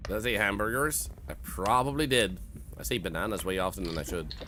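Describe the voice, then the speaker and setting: Lively Swedish-accented streamer man. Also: fairly low pitch, brisk, a little hiss or hum. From Sweden. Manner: chatty, rambling, joking with chat. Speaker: game streamer. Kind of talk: casual live-stream chat.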